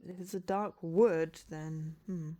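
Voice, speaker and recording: A woman's voice: on the low side, fairly even intonation, slow, dark tone. A woman streamer reading a visual novel on stream, chatting and musing aloud about the wording.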